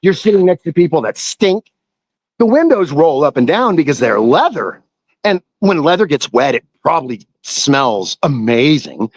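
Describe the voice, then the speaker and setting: A man's voice: on the high side, very animated, moderate pace, husky, dry recording, rough recording. A man hosting a live stream, chatting casually in a rambling, playful and earnest way. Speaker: livestream host.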